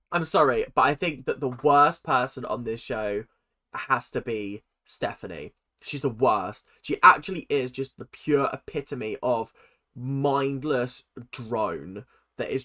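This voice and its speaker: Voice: medium pitch, a little slow, pushed and bright. A reaction video host, ranting sarcastically through casual commentary on a TV show.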